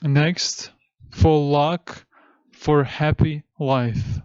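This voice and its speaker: A man teaching a class who slowly repeats chanted syllables and tells listeners when to breathe in and out. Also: on the high side, fairly even intonation, a little mellow, clean tone, no echo. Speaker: esoteric teacher. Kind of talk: slow lecture with chanted syllables. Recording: dull, dry, muffled recording.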